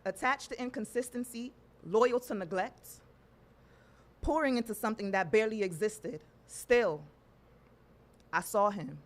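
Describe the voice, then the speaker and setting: A woman from New York performing a spoken word poem at an open mic, with measured, rhythmic delivery. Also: mid-range voice. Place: live poetry venue.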